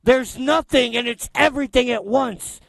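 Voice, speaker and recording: A dreamy, spacey gender-fluid person, as a man mocks them, pleading in a sing-song voice pitched very high. The tone is earnest and exaggerated, clearly a parody. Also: normal speed, a bit bright, dry recording, full character voice.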